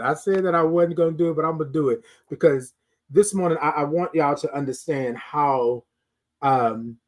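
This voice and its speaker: A middle-aged man hosting a morning live stream, preaching self-worth in a repetitive, sermon-like way and greeting viewers in the chat. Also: fairly high pitch. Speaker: host of a morning live show. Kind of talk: motivational live-stream talk.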